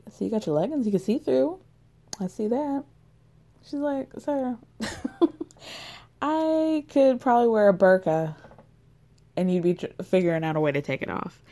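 A woman chatting casually as she recaps a show, slipping into each person's voice as she retells their lines. Her tone is mellow and warm, at an ordinary middle pitch, and she laughs easily between lines. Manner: retells scenes by acting out both people's lines, laughs often.

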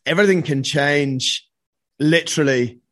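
A man's voice: fairly high pitch, unhurried, a bit bright, dry recording. A man telling a personal story as a podcast guest, earnest and casual, often saying "mate" and swearing freely.

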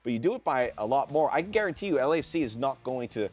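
A man co-hosting a sports podcast, talking in a casual, animated and opinionated way. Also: medium pitch, racing, no room sound, faint music behind. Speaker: podcast co-host.

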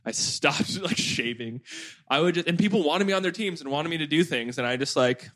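A podcast host in his late twenties tells stories in a casual family chat, rambling and animated, leaning heavily on "like" as filler. His voice is fairly high and a little fast, with no room sound.

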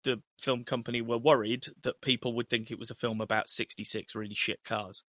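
A young man chatting casually on a film podcast, sweary and animated, breaking into laughs as he goes. His voice is bright and forceful. The sound is dry and close. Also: medium pitch, a little fast, dry recording. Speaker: podcast co-host.

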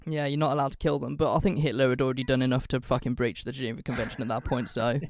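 A man's voice: mid-range voice, little pitch movement, racing, slight background noise. A man co-hosting a podcast, recounting history in casual chat and swearing freely. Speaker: podcast co-host.

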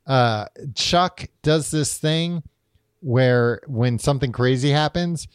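A man co-hosting a podcast in casual chat, animated and quick to laugh, swearing now and then. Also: mid-range voice, clean tone, no echo, clean studio sound. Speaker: podcast co-host.

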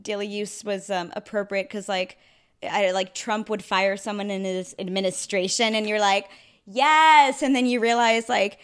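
A woman's voice: mid-range voice, normal speed, smooth. Chatty young woman co-hosting a podcast. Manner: animated, laughs often, talks in bursts. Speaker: podcast co-host. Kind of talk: casual chat.

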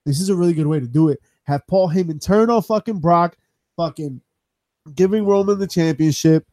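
High-voiced excitable man. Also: fairly quick, no room sound. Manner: profane, excitable, theorizing. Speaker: podcast co-host. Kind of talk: casual wrestling chat. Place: small studio.

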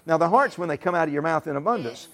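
A man's voice: fairly high pitch, expressive, fast. A middle-aged man preaching a sermon in a folksy, emphatic way. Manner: folksy, emphatic, rising to shouts and laughter. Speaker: pastor.

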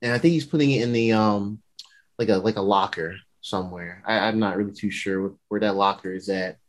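A man's voice: lowish voice, brisk. A young man hosting a podcast, casually recapping a show in rambling slang. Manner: slangy, rambling, laughs often. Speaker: podcast host.

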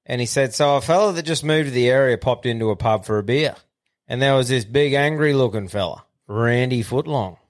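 An Australian man hosting a podcast, reading out a listener's joke in a relaxed, swearing manner. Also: medium pitch. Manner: laid-back, swears casually. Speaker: podcast host.

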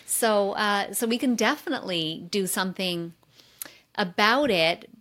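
A woman's voice: medium pitch, unhurried, a bit bright. Earnest woman mindset coach explaining. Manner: earnest and explanatory, with fillers like "right?". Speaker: mindset coach, interview guest. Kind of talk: casual conversational interview.

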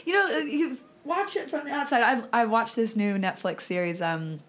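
A woman talking bluntly in a casual chat, quick to swear and laugh. Her voice sits at a middle pitch. She sounds frank and unfiltered. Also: very animated.

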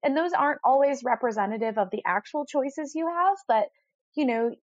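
A woman's voice: sits high, lively intonation, normal speed, no echo, dull audio. Reflective woman host, dry sound. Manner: reflective, explanatory, supportive. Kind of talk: casual conversation.

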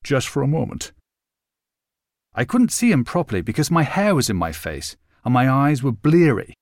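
A man narrating a novel in an expressive storytelling voice. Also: mid-range voice, fairly quick, no echo, clean studio sound. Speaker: audiobook narrator. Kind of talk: scripted narration.

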